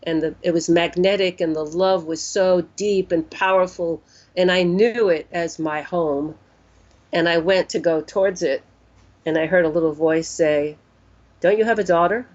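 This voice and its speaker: A woman in her sixties, an interview guest, telling a personal story in an earnest, unhurried way and voicing her own thoughts as she goes. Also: fairly low pitch, fairly even intonation, a little mellow. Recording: dull lo-fi recording.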